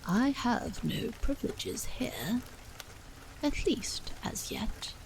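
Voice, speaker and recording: A woman voicing a calm, faintly hostile stranger in a whispered role-play, with a measured drawl. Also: a little high, low-quality recording. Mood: aloof. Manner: cool, measured drawl, picking words. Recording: faint rain noise behind.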